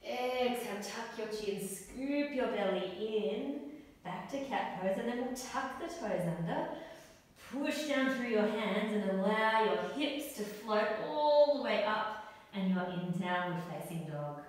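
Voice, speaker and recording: A young woman leads a children's yoga class with gentle, encouraging cues, taking her time over every instruction. Her voice comes from across a big, echoey hall with a long ring of reverb. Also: mid-range voice, expressive, a little slow, far from the mic. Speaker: kids' yoga teacher.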